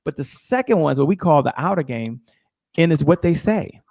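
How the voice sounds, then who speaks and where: A middle-aged guest speaker delivers a brisk, emphatic pep talk on sales, full of energy and repeated key phrases. His voice is on the high side, captured in a dry, studio-quality recording.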